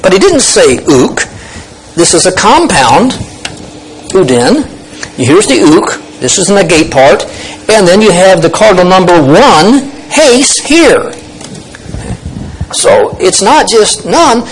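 A man's voice: high-pitched, very animated, slow, pauses often, slight background noise, low-quality recording. A man teaching a Bible lesson, explaining Greek words emphatically and thinking aloud with restarts.

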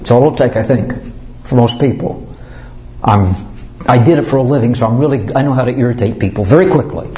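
Mellow-voiced man teaching scripture. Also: medium pitch, rough recording. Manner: emphatic, slows down to stress key words; frequent throat-clearing. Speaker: pastor. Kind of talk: verse-by-verse Bible teaching.

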